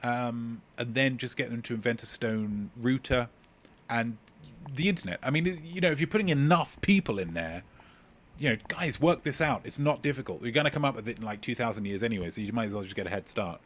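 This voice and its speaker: A man's voice: medium pitch, lively intonation, a little fast, a bit bright. A young man hosting a casual livestream quiz, joking and rambling as he reads out answers from viewers. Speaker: quiz host.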